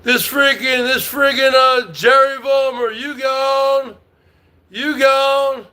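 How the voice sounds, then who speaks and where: A man from North Jersey with a New Jersey accent, hosting a livestream and ranting loudly at chat, taunting and swearing and repeating himself, with frequent high whooping shouts. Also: fairly even intonation, slow. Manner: loud, combative, profane, repetitive taunting. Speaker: livestream host. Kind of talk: rowdy livestream rant to chat.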